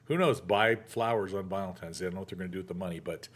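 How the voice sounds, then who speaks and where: Animated man telling a casual story. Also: sits low, rapid-fire, husky. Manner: animated storyteller, acts out quoted voices. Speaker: podcast host. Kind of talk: casual chat.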